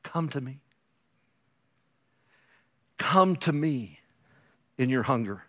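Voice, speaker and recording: Brief: a gentle, forgiving ruler, as a preacher acts him, hushed and pleading. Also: male voice, mid-range voice, lively intonation, pitched below the performer's own voice. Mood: tender. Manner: soft, pleading, slow. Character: tender forgiving man, a ruler.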